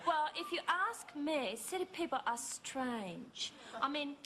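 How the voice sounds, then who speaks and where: A woman's voice: sits high, big pitch swings, takes it slowly, heavily acted. An actress playing a naive, literal-minded woman from the country who takes everything at face value in a sitcom. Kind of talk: sitcom acting. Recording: old TV tape with loud hiss.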